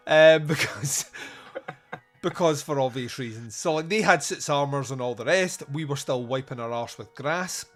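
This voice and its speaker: A man's voice: a little high, a little slow, soft background music. A man hosting a podcast, chatting casually about a film, rambling and joking with lots of fillers. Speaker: podcast host. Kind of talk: casual film review chat.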